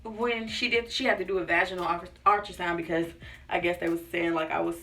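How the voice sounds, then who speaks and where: A woman's voice: on the low side, steady tone, quick pace, sharp tone, far from the mic. Chatty young woman telling a story. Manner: chatty, acts out quotes, says "like" and "y'all" often. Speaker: lifestyle vlogger. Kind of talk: casual storytelling to camera. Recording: voice a bit off-mic with faint music behind.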